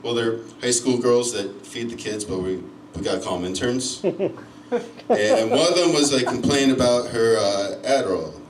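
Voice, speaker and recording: A man working through a stand-up set with crude, self-mocking stories. His voice sits at an ordinary pitch. It is heard from a distance in a roomy, echoey club, with a faint hiss underneath. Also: moderate pace. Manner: crude, self-mocking storytelling with loud owl-call yells. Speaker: stand-up comedian. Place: comedy club stage. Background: crowd laughter.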